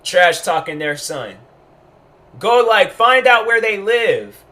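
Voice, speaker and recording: A man's voice: high-pitched, very animated, slow, pushed and bright. A man giving a casual commentary monologue as a YouTuber, rambling and emphatic, full of restarts.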